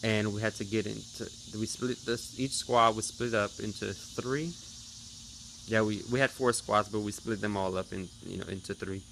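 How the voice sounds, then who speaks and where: A man in his thirties with a fairly low voice tells his viewers a story in a loose, chatty way and talks straight to them. Faint noise sits behind the recording. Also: steady tone, moderate pace, creaky, a bit bright. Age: 30s. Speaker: vlogger. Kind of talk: casual vlog recap.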